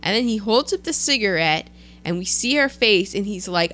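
Woman, bright tone, chatty film recap, animated, acts out lines. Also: normal speed. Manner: chatty, animated, quotes characters in a lowered voice. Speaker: podcast co-host. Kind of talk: casual chat recapping a film.

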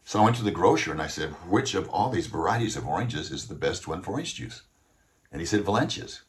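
A man's voice: sits low, expressive, fast talker. A man voicing a resourceful, eager young male employee who earnestly explains each step he took.

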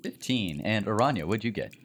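Man, game master, deep voice, lively pitch, relaxed descriptive narration. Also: brisk. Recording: faint background noise.

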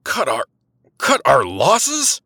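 A man's voice: sits low, moderate pace, fairly bright tone, dry recording, studio quality. A man voicing a smug, obsessive male spymaster villain who taunts and turns manic, in an audiobook. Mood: shrieking.

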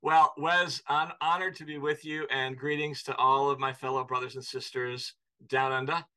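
Lively joking man, bright tense voice. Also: medium pitch, normal speed. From United States. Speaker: podcast guest, minister. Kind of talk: casual conversation.

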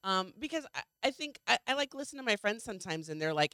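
A woman's voice: mid-range voice, very animated, quick pace, bright, forceful tone, no echo, studio quality. A woman co-hosting a casual podcast with her husband, frank and teasing, swearing casually. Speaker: podcast co-host. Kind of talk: casual chat.

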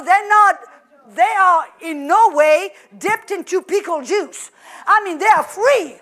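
Animated woman preacher, very high voice, exclamatory. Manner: animated and exclamatory, many fillers. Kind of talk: sermon.

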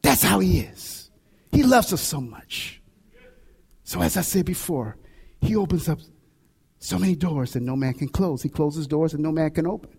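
A male pastor preaching a sermon, telling a personal story with lively, animated delivery. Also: on the high side, moderate pace, creaky, husky, in a large hall. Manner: animated storytelling with shouts and laughs.

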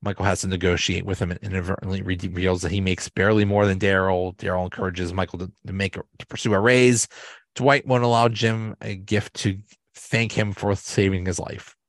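A man with a fairly low voice talks through a casual solo recap, rambling and restarting as he goes and laughing along the way. The sound is dry and close, with almost no room around him. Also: little pitch movement, dry recording. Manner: rambling, halting retelling with many restarts and laughs. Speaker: podcast host.

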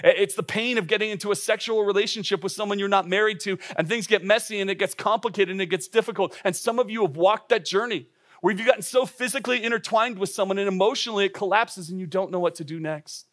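A man with a high voice preaches a sermon to young adults, earnest and urgent. He puts direct questions to his listeners and trips into quick restarts as he pushes his points. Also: a bit bright. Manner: asks the audience direct questions. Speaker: pastor.

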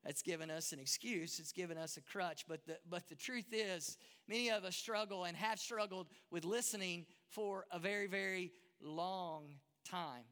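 High bright-voiced Texan pastor preaching. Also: male voice, moderate pace, hardly any pauses, smooth. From Texas. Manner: conversational, self-deprecating, repeats and restarts words. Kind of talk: sermon. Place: large church hall. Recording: long hall reverb.

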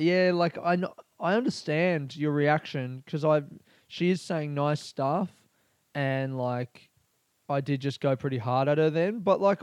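A man's voice: on the high side, a little mellow, dry recording. A young man, a comedian, talking through a candid, rambling personal monologue full of fillers and swearing. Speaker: comedian podcast host.

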